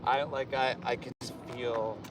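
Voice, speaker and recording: A man from Canada, a visiting activist, speaking outdoors in a halting, shaken way. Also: mid-range voice, steady tone. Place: outdoors by a roadside. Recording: distant mic with loud traffic noise.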